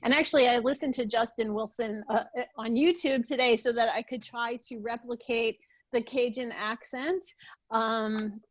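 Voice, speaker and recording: A woman's voice: fairly high pitch, fairly even intonation, normal speed, no echo. A woman being interviewed on a podcast over a video call, talking casually with many restarts. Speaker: podcast guest.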